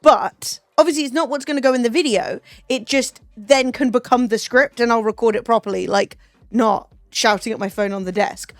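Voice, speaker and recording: A woman's voice: on the high side, moderate pace, no echo. A young woman from England with a Southern English accent, chatting casually on her stream in a rambling way, full of "like" and the odd swear. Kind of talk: casual chat. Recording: dry close mic, faint music.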